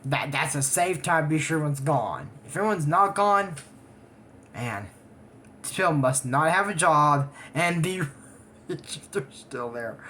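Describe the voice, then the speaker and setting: Rambling young reviewer with lively pitch. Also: a little hiss or hum. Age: 20s. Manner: rambling, digressive asides. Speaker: anime episode reviewer. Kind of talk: casual recap commentary.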